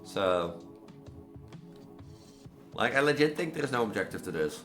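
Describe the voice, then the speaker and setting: A man's voice: fairly low pitch, big pitch swings, a little slow, a bit bright, faint music behind. Rambling man commentating a game. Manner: rambling, filler-heavy musing with many "like"s. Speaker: gameplay streamer. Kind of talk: casual let's-play commentary.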